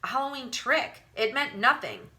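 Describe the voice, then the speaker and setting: A woman's voice: a little high, sing-song, moderate pace, sharp tone, pitched above the performer's own voice. A woman voicing a firm, defiant boy. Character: defiant young boy, stubborn and a little ashamed.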